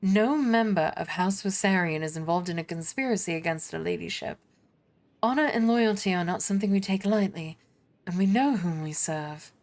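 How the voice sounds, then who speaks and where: A woman's voice: lowish voice, moderate pace, a little mellow, lightly acted. A woman voicing a proud, weary noblewoman in a game, speaking formally and defiantly.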